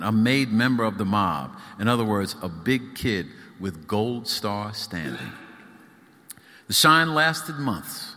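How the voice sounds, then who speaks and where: A man's voice: on the low side, pushed and bright. A man reading his own book aloud at a live event, with rhythmic, emphatic storytelling. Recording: echoey hall.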